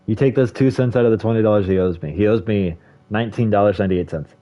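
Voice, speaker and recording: A man's voice: on the low side, fast, highs cut off, a little hiss or hum. A man doing casual let's-play commentary, rambling and joking with plenty of profanity. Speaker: streamer.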